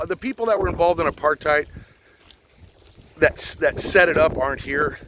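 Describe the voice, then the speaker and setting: An older man, a retired police officer, talks bluntly and swears freely. His speech swings widely up and down in pitch, and faint outdoor noise sits behind him as he rants from a boat in a swamp. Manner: blunt, profane and heated. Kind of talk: outdoor rant.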